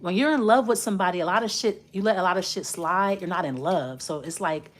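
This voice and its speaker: A woman tarot reader gives a casual spoken reading straight to the listener, blunt and profane. She rambles and restarts often while reading the cards, talking fast in a lowish voice.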